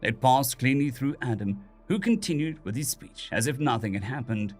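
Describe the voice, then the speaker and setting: A man narrating a story as an audiobook reader, in steady, animated storytelling. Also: mid-range voice, moderate pace. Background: soft music.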